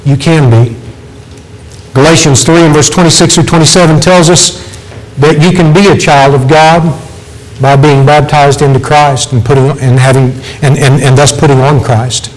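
A man's voice: on the high side, normal speed, rough recording. A man preaching a sermon, earnest and pleading, voice climbing for emphasis.

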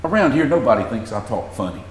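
This preacher from the American South has a mid-range voice with wide pitch swings and a quick pace, delivering an earnest sermon that rises in emphasis during scripture readings. The recording has a roomy sound.

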